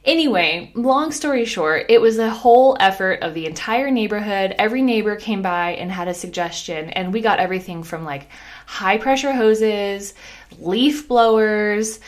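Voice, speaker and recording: A woman in her thirties hosting a podcast, telling a story in a casual, animated way, laughing often and saying "like" a lot. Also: medium pitch, moderate pace. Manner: animated, laughing, heavy use of "like". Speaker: podcast host.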